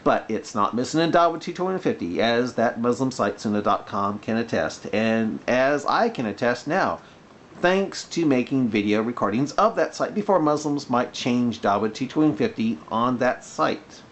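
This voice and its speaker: A man's voice: mid-range voice, lively intonation, moderate pace, a little hiss or hum. A man talking in a sarcastic, rambling way in a casual commentary vlog. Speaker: video blogger.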